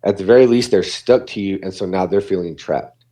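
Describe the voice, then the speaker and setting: A man's voice: deep voice, a little fast, warm tone. A man, a dog behaviorist, talking casually on a podcast and acting out what dogs and people say.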